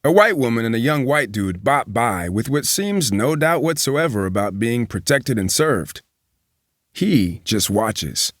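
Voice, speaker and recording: A man reads a long magazine profile aloud for a news program, keeping a measured, even pace. His voice sits at a middle pitch. The sound is dry and close. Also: no echo. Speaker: news reader.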